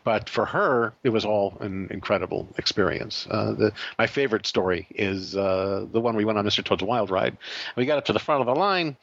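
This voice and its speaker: Speaking as an interview guest, a man tells a story and performs the quoted voices with plenty of energy. His voice is fairly low and fairly quick, and his delivery is animated. The recording is close and dry with no echo, and its top end sounds slightly dull and muffled.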